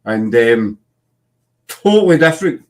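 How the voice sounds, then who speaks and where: A man's voice: mid-range voice, very animated, unhurried, darkish tone. Scottish man telling rambling stories. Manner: rambling anecdotal storytelling. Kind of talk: casual chat.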